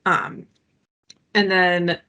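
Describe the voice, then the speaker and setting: A woman talking as a guest on a work podcast, animated and acting out what colleagues say. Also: on the low side, extremely slow. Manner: animated, acts out quoted colleagues in lively voices. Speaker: project delivery guest. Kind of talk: conversational podcast talk.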